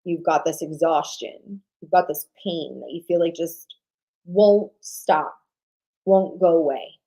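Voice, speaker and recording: A woman hosting an online sales summit livestream, giving an emphatic motivational talk that repeats lines for emphasis and swings between loud punches and low, intimate drops. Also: slow, low-quality recording. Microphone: livestream webcam mic.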